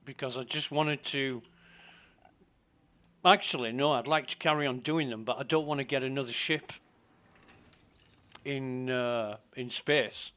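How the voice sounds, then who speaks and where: A man's voice: medium pitch, steady tone, sharp tone. A man giving casual, self-mumbling commentary while playing a space game. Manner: slow, muttering to himself, self-deprecating.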